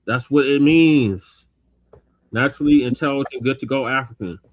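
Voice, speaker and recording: Male panelist, mid-pitched, teasing and chiding, with a dry, close sound. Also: normal speed, dry recording. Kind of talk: casual group talk.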